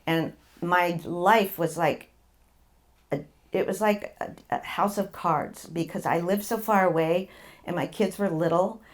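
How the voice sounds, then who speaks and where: A woman's voice: lowish voice, unhurried. A middle-aged woman, telling her own story as a patient guest, rambling, repeating words and laughing as she goes. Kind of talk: candid personal storytelling.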